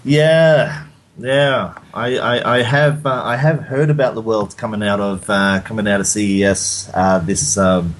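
A man's voice: lowish voice, fairly even intonation, measured pace, low-quality recording. A man from Sydney with an Australian accent, co-hosting a casual tech chat podcast and often restarting his sentences. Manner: repeats and restarts words often, says "mate" and "man". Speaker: podcast co-host.

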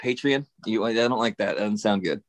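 A man's voice: fairly low pitch, quick pace. A man co-hosting a podcast in casual chat, ranting with swearing and laughter. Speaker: podcast co-host.

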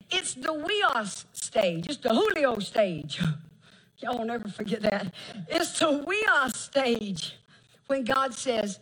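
A middle-aged woman preacher, delivering a folksy, emphatic sermon with drawn-out phrases and laughter. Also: high-pitched, lively intonation, a bit bright, breathy edge, poor audio.

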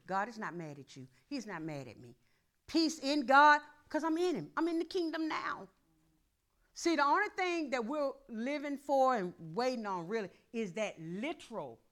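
A woman pastor, preaching a sermon that swings from murmured prayer to loud calls. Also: on the high side.

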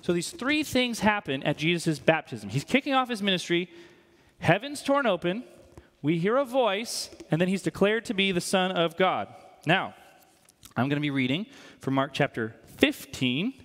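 A man preaching a sermon in church, animated and conversational, quizzing the congregation. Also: sits high, moderate pace. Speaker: pastor. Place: church hall. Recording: long hall reverb.

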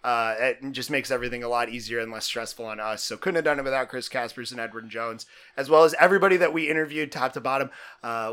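A man's voice: mid-range voice, a bit bright. A man co-hosting a sports podcast in a casual chat, rambling and enthusiastic with plenty of fillers. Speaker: podcast co-host.

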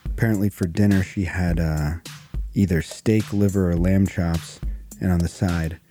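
A man hosting a show, casually introducing a reading with a few halting fillers. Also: low voice, fairly even intonation, dark tone, faint music behind. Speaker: podcast host introducing a reading.

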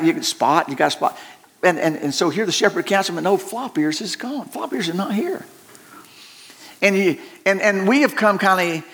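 A middle-aged man delivers a sermon in a folksy, joking way. He rambles and restarts his sentences often. His voice sits a little high for a man. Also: a bit bright. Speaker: pastor.

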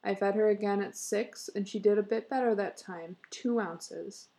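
Woman reading a fussy eager husband, coaxing and insistent, gravelly mellow tone. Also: medium pitch, moderate pace, natural voice. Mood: proud. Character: earnest husband, eager and fussing, middle-aged.

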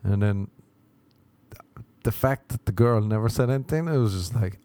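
A man's voice: fairly low pitch, normal speed, pauses often, warm tone, dry recording. A young man, a comedian, rambling through crude, self-mocking stories in a casual solo podcast monologue.

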